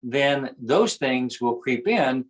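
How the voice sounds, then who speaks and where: A man of ordinary, middle pitch explains his ideas to an interviewer. He talks in an earnest, teacherly way and circles back over the same phrases. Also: expressive, takes it slowly, low-quality recording. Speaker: guest speaker on self-awareness. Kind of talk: conversational explaining.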